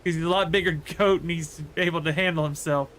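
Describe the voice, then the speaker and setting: A man's voice: on the high side, steady tone, fast, fairly bright tone. Give me a rambling male streamer chatting casually while he plays. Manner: rambling, storytelling with many fillers. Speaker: livestreamer. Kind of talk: casual chat while gaming.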